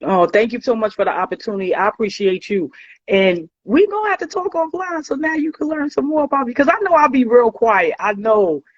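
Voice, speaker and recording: High-voiced New York woman guest, dry dull sound. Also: fairly quick, no room sound. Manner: soft-spoken, earnest, casual. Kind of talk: casual interview chat.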